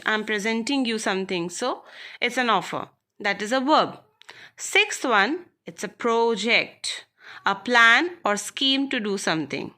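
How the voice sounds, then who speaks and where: Slow, bright-voiced teacher. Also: female voice, a little high. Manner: deliberate, repeats words and addresses the children directly. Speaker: school English teacher. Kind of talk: slow classroom lesson explaining textbook exercises.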